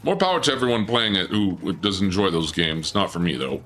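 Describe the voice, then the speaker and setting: A man's voice: sits low, fairly quick, hardly any pauses, faint music behind. A man streaming a video game, chatting playfully with his viewers and reading their messages aloud. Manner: playful, reads chat aloud, bursts into excited shouts. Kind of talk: casual let's play chat with viewers.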